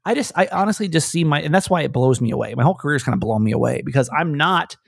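Gravelly self-deprecating man chatting. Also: fairly high pitch, lively intonation, very fast, no room sound. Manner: rambling, self-deprecating, with frequent restarts. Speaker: radio host. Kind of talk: casual chat.

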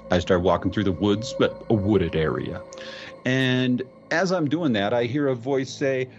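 A man doing a middle-aged storyteller recounting a ghostly encounter, voiced low and deliberate, stumbling and restarting before leaning into slow, dramatic lines. The audio is a little dull, with faint music underneath. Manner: halting storyteller, stammering restarts, drawn-out dramatic phrases. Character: middle-aged man recounting an eerie roadside encounter, impression of a famous actor. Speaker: podcast host. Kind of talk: dramatic first-person retelling of a ghost story.

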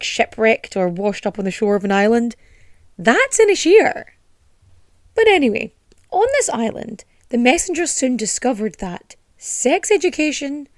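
A woman's voice: a little high, no room sound. Young woman from Ireland, podcast host, sarcastic and sweary, voice swings up and down, dry close sound. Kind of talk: casual storytelling.

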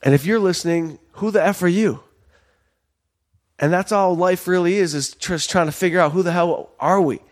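A man's voice: sits high, moderate pace. Man rambling through a self-mocking story. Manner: rambling, animated, self-mocking, acts out quotes. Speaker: podcast host telling a story. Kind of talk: casual storytelling monologue.

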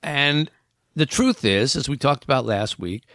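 A man's voice: mid-range voice, lively intonation, unhurried, a bit bright, no room sound, clean studio sound. A man hosting a podcast, casually retelling a book's plot with frequent fillers and restarts. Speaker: podcast host.

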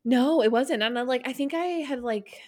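A woman's voice: sits high, moderate pace, a little mellow. A woman in her twenties hosting a podcast, chatting casually and rambling with lots of fillers. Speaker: podcast host. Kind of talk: casual chat.

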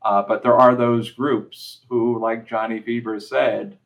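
A man's voice: mid-range voice, fairly even intonation, takes it slowly, hardly any pauses, low-quality recording. A man giving casual commentary on a TV episode, telling personal stories in a reflective way. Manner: reflective storyteller, personal anecdotes.

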